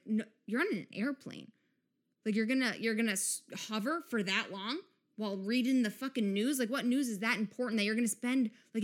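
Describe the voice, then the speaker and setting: A woman hosting a podcast, ranting in a casual, sarcastic comic monologue, swinging between loud outbursts and muttered asides. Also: fairly high pitch. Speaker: podcast host.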